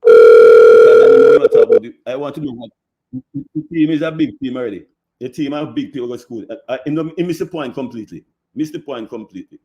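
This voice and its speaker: A man's voice: mid-range voice, fast, muffled recording. A man, a guest on a sports talk show, defending himself in a heated debate and repeating his points with emphasis.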